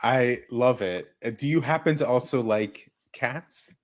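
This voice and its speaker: A man hosting a tech livestream, energetic and exclamatory as he welcomes viewers and guests. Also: mid-range voice, a little slow. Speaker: livestream host.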